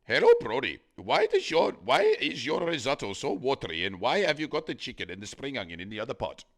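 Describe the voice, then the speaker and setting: A man's voice: mid-range voice, wildly swooping pitch, fairly quick, vocal fry, exaggerated voice. A man putting on a put-on Indian accent to voice a fussy cartoon shopkeeper who asks scolding questions.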